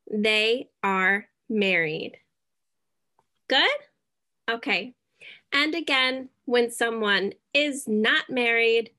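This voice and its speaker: A woman teaching a beginner English lesson, speaking deliberately, checking in often and dropping in Spanish words. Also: fairly high pitch, bright, forceful tone. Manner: slow, deliberate, checks in with "okay?".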